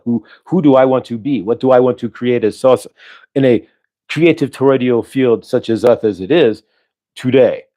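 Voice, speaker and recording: Man as a spiritual channeler, earnest, coaching tone, mid-pitched, asks rhetorical questions. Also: a little mellow. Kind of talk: live channeling talk.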